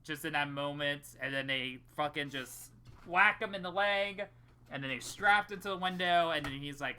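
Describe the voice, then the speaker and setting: Young guy cohost, bright forceful voice, rambles, swears, acts out bits. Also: fairly high pitch, normal speed, clear, resonant tone. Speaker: podcast co-host. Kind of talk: casual chat.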